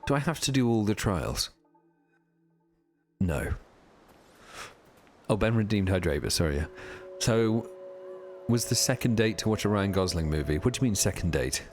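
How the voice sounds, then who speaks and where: A man's voice: fairly low pitch, lively intonation, measured pace, long pauses, soft background music. A man live streaming a video game, chatting casually and rambling as he answers viewers' questions while he plays. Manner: chatty, reads and answers chat while playing; rambling, many fillers.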